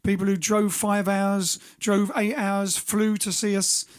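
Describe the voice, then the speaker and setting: A man's voice: sits high, flat delivery, a little slow. A man hosting his band's livestream in a cheerful, rambling, self-mocking way. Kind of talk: casual livestream chat.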